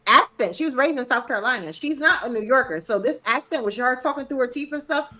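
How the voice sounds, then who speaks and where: A woman's voice: high-pitched, quick pace, sharp tone, low-quality recording. A woman co-hosting a TV review show in casual chat, laid-back, explaining and chiming in.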